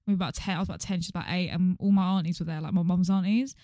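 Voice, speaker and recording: A woman's voice: on the low side, fairly even intonation, rapid-fire, dark tone, no echo. A young woman, a podcast co-host who teases and tells stories in casual chat. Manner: giggly, teasing.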